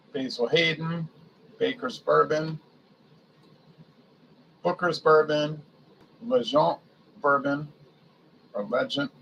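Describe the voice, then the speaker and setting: Gravelly man reading a liquor list. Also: on the high side, pushed and bright, slight background noise, poor audio. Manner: muses aloud, stumbles over foreign names. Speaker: beer and spirits reviewer. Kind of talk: casual reading aloud from a liquor catalog.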